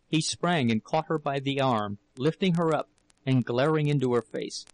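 A man narrating a novel as an audiobook in a measured, dramatic storytelling manner. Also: medium pitch, no echo, poor audio.

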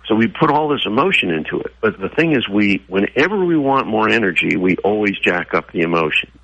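Casting: very low, husky male guest on a dry, dull radio line, lively storyteller. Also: fairly quick. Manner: animated, acts out quoted voices. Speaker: guest, horse trainer. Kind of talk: storytelling interview answer.

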